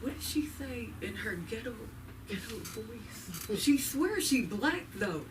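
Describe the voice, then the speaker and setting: A woman's voice: a little high, very animated, takes it slowly, recorded from a distance. A woman doing a nervous, chatty stand-up set at an open mic, laughing often and asking the crowd questions. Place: comedy club stage. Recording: noisy live room, voice from afar.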